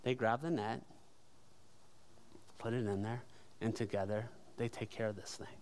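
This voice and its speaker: A man's voice: fairly low pitch, fairly even intonation, normal speed, a little mellow, slight background noise. A man preaching a sermon as pastor, conversational and emphatic, with rhetorical questions to the congregation.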